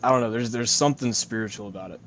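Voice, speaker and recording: A man who is a guest musician on a podcast, talking in an easygoing, reflective way and trailing off softly. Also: mid-range voice, very fast, slight background noise. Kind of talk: casual podcast interview.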